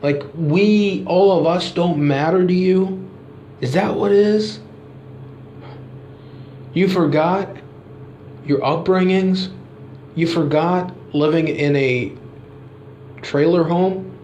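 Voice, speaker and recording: Man playing an indignant male wrestler, accusing rhetorical questions, pitched-up voice, echoey room. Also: slow, pauses often, darkish tone, dull audio, a little hiss or hum. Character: indignant male wrestler calling out his boss.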